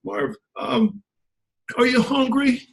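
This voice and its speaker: A man putting on a high, bright voice for a grateful older wife who thanks a visitor again and again. She fusses over him, offering food and a bed. Her voice sits well above his own and lifts with every repeated thanks. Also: slow, gravelly, noisy background, exaggerated voice. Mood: effusive.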